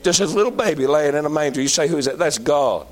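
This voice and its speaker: A man's voice: fairly high pitch, expressive, fast talker. A man preaching a sermon in a folksy, emphatic manner.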